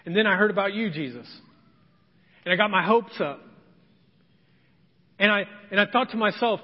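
A man's voice: high-pitched, moderate pace, pauses often. A man preaching a sermon as pastor, dramatic, acting out the voices of the people in his story. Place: church sanctuary. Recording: dull, long church reverb.

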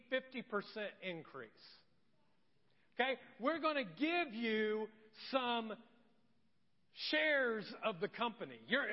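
An eager, generous divine boss tumbles over his own words, repeating himself as he piles on raises and perks, as a pastor acts him out. His voice is fairly high and the recording dull, with a long church-hall echo behind it. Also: exaggerated voice. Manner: eager, stammering repetitions.

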